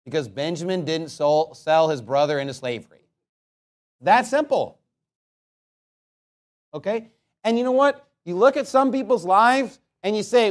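A male pastor preaching a sermon bluntly, swinging between loud emphatic bursts and quiet asides. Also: high voice. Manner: peppers points with "okay?" and "you know what?".

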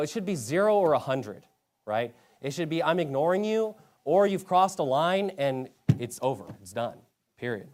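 A man preaching a sermon to a congregation, telling a story with emphatic rhetorical questions. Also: medium pitch. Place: church hall.

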